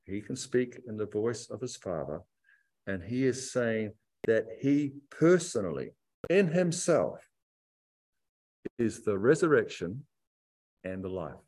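A man preaching a sermon to a church congregation, reflective and emphatic, stretching key phrases out slowly. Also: on the low side, lively intonation, darkish tone. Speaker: pastor.

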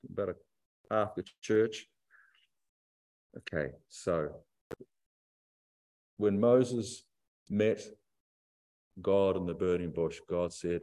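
A man preaching a sermon to a church congregation, reflective and emphatic, stretching key phrases out slowly. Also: lowish voice, dark tone. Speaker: pastor.

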